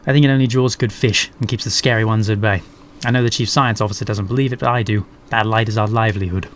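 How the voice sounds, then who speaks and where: A man voicing a shy, gentle male albino rat who mends nets. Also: on the low side, steady tone, fast, a little hiss or hum, natural voice.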